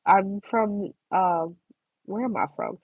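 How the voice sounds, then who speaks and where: Chatty young woman, husky lo-fi voice. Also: mid-range voice, slow pace, dry recording. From Philadelphia. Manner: chatty storytelling, laughs a lot. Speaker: tarot livestream host. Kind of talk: casual livestream chat. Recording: dull lo-fi stream audio.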